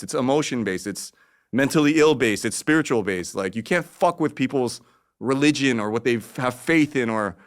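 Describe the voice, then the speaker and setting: A man's voice: medium pitch, fairly bright tone. Profane, rambling storytelling man around fifty. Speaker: guest. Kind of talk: casual interview conversation.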